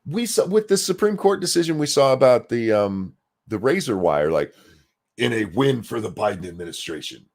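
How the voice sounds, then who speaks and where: A man's voice: mid-range voice, big pitch swings, normal speed, darkish tone. A man co-hosting a casual political commentary chat, blunt and sarcastic, swearing freely and reading viewer messages aloud. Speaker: podcast co-host.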